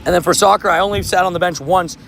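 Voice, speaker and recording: A young man streaming, telling sports stories in a casual, animated way, laughing and repeating himself. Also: high-pitched, fast, creaky, a little hiss or hum. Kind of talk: casual livestream storytelling.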